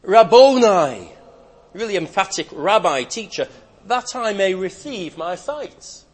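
A man preaching a sermon, swinging between loud emphatic declarations and quiet, hushed asides. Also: sits high, expressive, a little slow, breathy edge.

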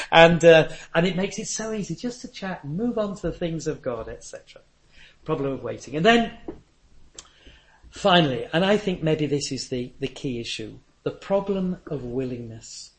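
A man's voice: a little high, slight background noise. An older man, preaching a sermon with earnest, anecdotal storytelling.

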